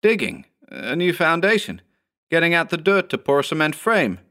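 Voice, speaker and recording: A man voicing a panicked middle-aged male TV shop owner who pleads and shouts frantically in a storybook reading. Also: on the high side, very animated, normal speed, voice pushed up, exaggerated voice. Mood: shaken, pleading.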